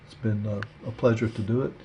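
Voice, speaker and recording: A man teaching a watercolor painting demo, talking through his steps in a relaxed, rambling way with lots of fillers. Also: fairly low pitch, brisk, slight background noise. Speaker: art instructor. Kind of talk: casual painting demonstration.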